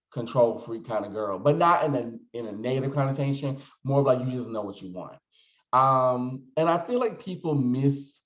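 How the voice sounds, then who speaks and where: A man giving a casual, rambling psychic reading, full of fillers and restarts. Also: mid-range voice. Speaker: psychic reader. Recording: roomy echo, dull lo-fi sound.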